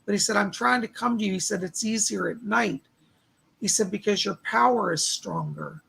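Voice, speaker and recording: Hoarse gravelly male psychic medium. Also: high-pitched, moderate pace, pushed and bright. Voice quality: gravelly, husky voice. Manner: relays spirit messages, thanks donors by name. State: losing his voice, clearing his throat. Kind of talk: live-stream reading.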